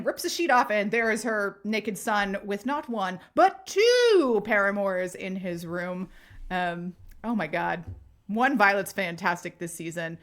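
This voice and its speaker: A woman co-hosting a casual podcast, chatty and animated, with a voice of middling pitch. She gushes and swears freely as she talks. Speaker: podcast co-host. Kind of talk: casual chat.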